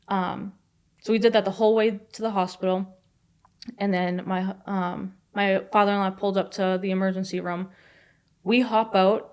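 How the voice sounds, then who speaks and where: A young woman telling a personal story as a podcast guest, fast and chatty with many fillers. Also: medium pitch, little pitch movement, darkish tone, clear, resonant tone. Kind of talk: casual storytelling.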